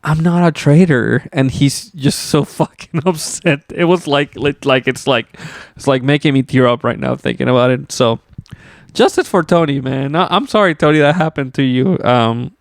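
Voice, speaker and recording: A man's voice: mid-range voice, moderate pace, vocal fry, no room sound, studio quality. A young man hosting a casual solo podcast, rambling loosely with lots of fillers and some swearing. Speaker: podcast host.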